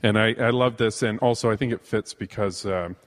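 A man's voice: fairly low pitch, brisk. Sardonic man in a reverberant room. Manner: opinionated, sardonic. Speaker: podcast co-host. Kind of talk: casual chat.

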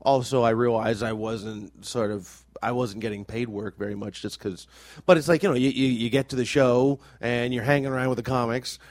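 A man's voice: medium pitch, a little mellow, no echo. A man in a casual comedy chat who rambles and repeats words as he thinks. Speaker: comedian in the conversation.

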